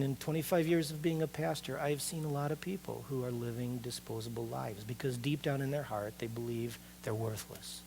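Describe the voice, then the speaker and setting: A middle-aged man preaching a sermon as a pastor, conversational and animated, asking the congregation rhetorical questions. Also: medium pitch, vocal fry, slight background noise.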